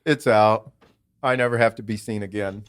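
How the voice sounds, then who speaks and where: A podcast host tells a story in casual conversation, swearing freely, laughing often, and dropping to a hush at certain moments. His voice sits on the low side with a steady tone and normal speed, over a noisy background.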